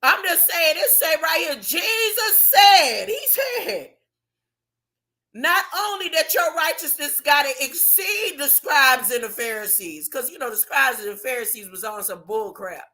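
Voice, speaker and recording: A woman preaching alone from scripture in a casual, animated way, throwing out rhetorical questions as she reads. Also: high-pitched, a little slow. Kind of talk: informal solo Bible teaching.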